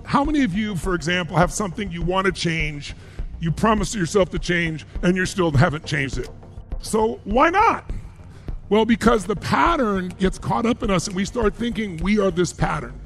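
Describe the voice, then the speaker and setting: A man's voice: high-pitched, animated, normal speed, a bit bright, soft background music. A man giving a live seminar speech as a motivational speaker, emphatic and firing rhetorical questions at the crowd.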